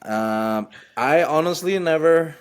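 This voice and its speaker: A man's voice: on the high side, expressive, takes it slowly, smooth. Indonesian man chatting, searching for words. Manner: sympathetic, brief backchannels, searches for words. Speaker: podcast co-host. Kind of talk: casual chat.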